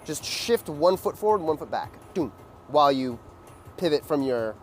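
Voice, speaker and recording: A man with a slightly high voice teaches a dance in a loose, chatty way. He fills his talk with "like" and "right?" and marks the beats with sounds like "boom." Faint music plays behind him. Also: animated, normal speed. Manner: loose, filler-heavy explaining with beat sounds like "boom". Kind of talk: casual dance lesson.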